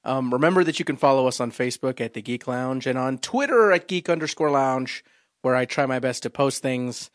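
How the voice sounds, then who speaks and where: A man co-hosting a casual podcast, joking around and laughing often between quick asides. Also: mid-range voice, no echo, clean studio sound. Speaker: podcast co-host. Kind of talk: casual chat.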